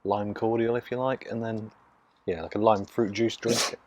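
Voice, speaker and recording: A man, from Nottingham, casually reviewing a beer in hushed, half-whispered tones, recorded on a phone mic out in his garden. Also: fairly low pitch, little pitch movement, normal speed, a little hiss or hum. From Nottingham, England. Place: outdoors in a home garden.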